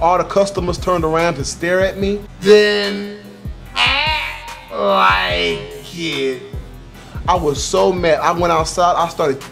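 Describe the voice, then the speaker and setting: A young man with a high voice tells a comic story for his vlog, animated and profane. He exaggerates everything and swears freely. Faint music sits under his webcam recording. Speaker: YouTuber.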